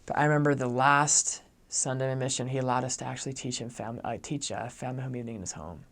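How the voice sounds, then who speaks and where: A man's voice: mid-range voice, fast talker. A young adult man, a returned missionary, telling a story in a casual, chatty way and saying "like" a lot. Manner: chatty, heavy use of "like", animated.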